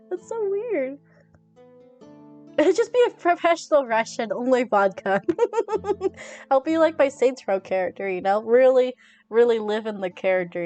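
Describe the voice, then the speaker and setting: Young woman streamer, giggly and laughing often, high bouncy voice over faint guitar music. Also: darkish tone. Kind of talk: casual chat with viewers.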